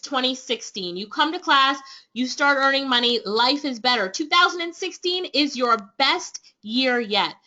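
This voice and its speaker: A woman with a Jamaican accent hosts a webinar, pitching her class in an excited, persuasive way. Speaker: online business trainer hosting a webinar. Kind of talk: upbeat sales pitch to webinar attendees. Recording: dull lo-fi webinar audio.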